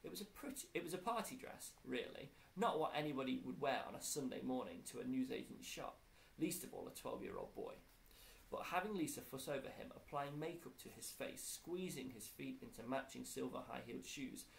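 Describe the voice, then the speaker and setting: A male primary school teacher reading a children's book aloud in a warm storytelling way. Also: medium pitch, expressive, moderate pace, creaky, a little hiss or hum, poor audio.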